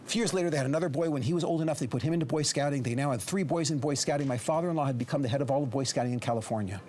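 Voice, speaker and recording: A middle-aged rabbi from the United States giving a storytelling lecture, acting out dialogue and at times dropping to a whisper. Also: male voice, a little high, rapid-fire, slight background noise. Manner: lively storyteller who acts out dialogue and drops to a whisper.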